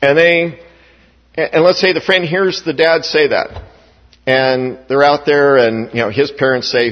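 A man's voice: medium pitch, steady tone, takes it slowly, long pauses. A man preaching a sermon as pastor, with emphatic rising stresses and frequent restarts. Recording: dull, echoey hall recording.

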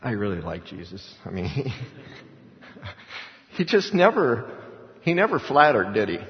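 A man's voice: medium pitch, big pitch swings, unhurried. A man preaching a sermon in a conversational way, asking rhetorical questions and chuckling as he explains scripture. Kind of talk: sermon with Bible reading. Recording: echoey hall, dull lo-fi sound.

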